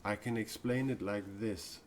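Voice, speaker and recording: A man speaking as a self-described mystic in an improvised live-stream talk, earnest and confessional, often pausing and restarting his sentences. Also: lowish voice, steady tone, darkish tone, slight background noise.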